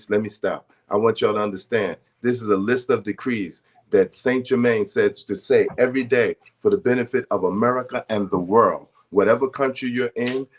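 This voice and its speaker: A man in a prayer circle slowly and deliberately reciting spiritual decrees, stumbling over his first words. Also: on the low side. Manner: slow, deliberate, emphatic recitation with stammered starts.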